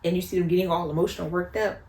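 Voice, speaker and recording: A woman's voice: on the low side, steady tone, very fast, dark tone. A mother talking casually to camera about parenting, earnest and reflective, often repeating phrases for emphasis. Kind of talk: casual advice talk to camera. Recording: roomy echo, faint background noise.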